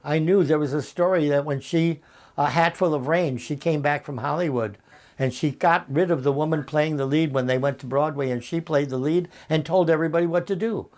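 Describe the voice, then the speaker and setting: A man in his eighties, a veteran actor being interviewed over a video call from his home, telling stories in an unhurried way and acting out the voices of the people in them. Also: a little high, a little mellow. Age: 80s. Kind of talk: anecdotal storytelling.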